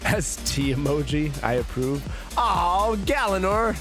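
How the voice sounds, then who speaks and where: A man's voice: a little high, animated, unhurried, over music. A drunk man streaming a game, rambling, swearing and chatting with his viewers. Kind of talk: casual live-stream chat.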